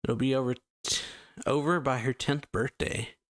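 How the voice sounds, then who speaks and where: A man's voice: medium pitch, fairly even intonation, normal speed, no echo, studio quality, lightly acted. A man reading as a blunt, grave doctor.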